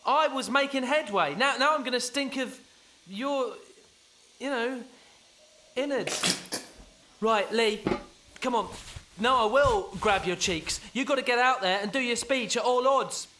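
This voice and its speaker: A man's voice: very high-pitched, slow, bright, forceful tone, slight background noise, full character voice. An actor playing an awkward, rambling young Englishman at a wedding, talking in hesitant stammers and nervous laughs. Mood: urging. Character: awkward rambling man at a wedding, fumbling and overeager. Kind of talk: radio comedy monologue.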